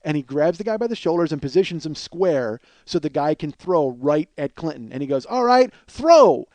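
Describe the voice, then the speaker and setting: A man in his forties, a podcast host telling a comic story in a profane, animated way, often laughing, on a close podcast mic. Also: on the high side, brisk, no echo. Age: 40s. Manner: profane, animated, swears freely and breaks into laughter.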